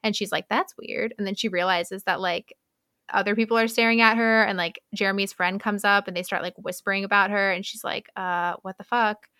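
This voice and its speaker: Bright-voiced woman recapping a book. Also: medium pitch, flat delivery, clean tone, no room sound, clean studio sound. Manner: laughing, acts out characters' lines in quick voices. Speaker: podcast co-host. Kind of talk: casual book recap chat.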